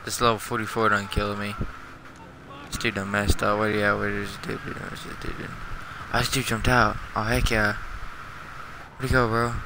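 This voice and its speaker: A man's voice: on the low side, flat delivery, normal speed, pauses often, background noise. A young man livestreaming a game, trash-talking other players in slangy casual commentary while half asleep. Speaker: livestreaming gamer.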